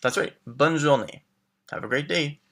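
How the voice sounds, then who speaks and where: A man teaching a beginner language lesson, modeling phrases slowly and clearly, then glossing them and prompting the learner to answer. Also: a little high, a bit bright. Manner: clear, slow modeled pronunciation with English glosses. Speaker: French teacher.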